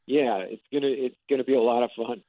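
A man's voice: mid-range voice, fast, dry recording. A man in his thirties, a stand-up comedian, talking in an easygoing, joking way as a guest on a radio show. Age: 30s. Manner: easygoing, joking, some stumbles. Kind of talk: casual radio interview chat. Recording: dry, tinny phone-like line.

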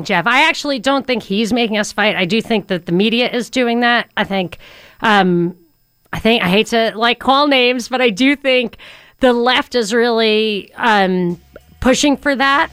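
A woman's voice: on the high side, clear, resonant tone, dry recording. Chatty woman talk radio host. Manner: chatty, quick, animated. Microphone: studio microphone.

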